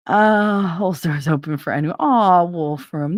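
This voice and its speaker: A middle-aged woman talks straight to her live-stream viewers in a slightly low voice, recorded close and dry with no room around it. She is blunt, profane and sarcastic, answering comments as they come in and laughing often. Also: measured pace, hardly any pauses, no room sound.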